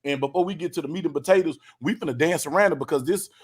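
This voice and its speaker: A man's voice: a little high, very fast, husky. A man hosting a casual livestream chat, talking loosely and in slang straight to his viewers. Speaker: livestream host.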